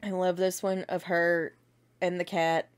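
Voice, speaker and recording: A woman's voice: lowish voice, level tone, unhurried, clean tone. A young woman hosting a casual fan vlog, chatting and reading out memes with frequent giggles. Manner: giggly, chatty, laughs often. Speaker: fan channel host.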